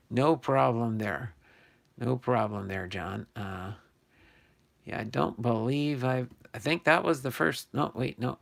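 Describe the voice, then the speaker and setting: Gravelly older man hosting a card stream. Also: mid-range voice. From New Jersey. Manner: chatty, self-correcting, thinking aloud. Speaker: sports card channel host. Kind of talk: casual live stream chat.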